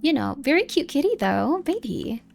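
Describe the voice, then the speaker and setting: A woman streams a game live, with rambling, chatty commentary. She often reads the game text aloud. Her voice sits a little higher than most. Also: very animated, moderate pace, vocal fry, darkish tone, soft background music.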